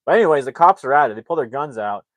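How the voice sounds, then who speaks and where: A man's voice: mid-range voice, expressive, racing, no room sound. A man casually recapping a film's plot, rambling with lots of filler words. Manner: rambling, filler-heavy storytelling. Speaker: movie reviewer.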